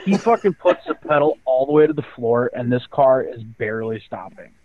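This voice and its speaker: A man in casual chat, telling profane, animated stories to his build team. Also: mid-range voice, a little fast. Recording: tinny phone-like sound with faint noise.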